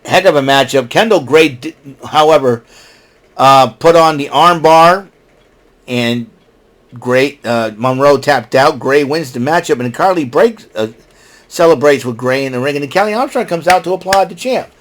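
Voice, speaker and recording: A man's voice: on the high side, moderate pace, a bit bright. A man hosting his own podcast, recapping a show in a casual, rambling, opinionated way, mocking the people he talks about. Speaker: podcast host.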